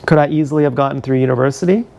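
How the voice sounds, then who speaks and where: A man's voice: medium pitch, rapid-fire, gravelly, a little mellow. A man ranting angrily and profanely on a live stream, filmed with an action camera. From Canada. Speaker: livestreamer.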